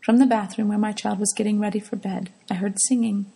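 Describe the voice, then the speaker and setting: Very gravelly, husky woman's hushed telling. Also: mid-range voice, steady tone, fast, poor audio. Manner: soft, hushed, often drops to a whisper. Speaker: mother telling a personal devotional story. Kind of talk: reflective devotional storytelling.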